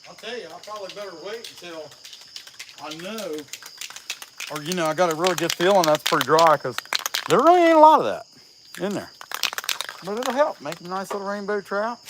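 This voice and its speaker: A folksy man from Southeast Ohio talks with a country twang in a fairly high voice, joking and greeting viewers by name as he works outside. Crickets and insects buzz faintly behind him in the open air. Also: brisk, pauses often, noisy background. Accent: Appalachian Ohio. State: out of breath. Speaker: chainsaw carver livestreaming. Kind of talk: casual livestream chat while working. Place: outdoors at a rural carving spot.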